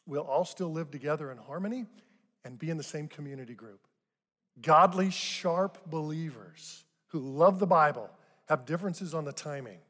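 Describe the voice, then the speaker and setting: An older male pastor delivers a sermon in a fairly high voice, talking to the congregation in a chatty way and pushing up into emphatic bursts on key points. His words ring out with a long reverb through a large church hall. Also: fairly bright tone. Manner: conversational preaching with rising emphatic bursts.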